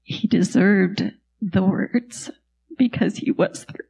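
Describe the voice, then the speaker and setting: A woman's voice: on the low side, fairly even intonation, measured pace, vocal fry, warm tone, husky. A woman in an online Bible study group, sharing heartfelt reflections over a video call.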